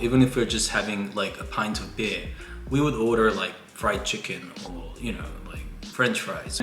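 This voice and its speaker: A man's voice: on the low side, fairly bright tone. A young man from Korea, chatting casually in a vlog at home while eating. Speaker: vlogger. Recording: roomy echo, faint music behind.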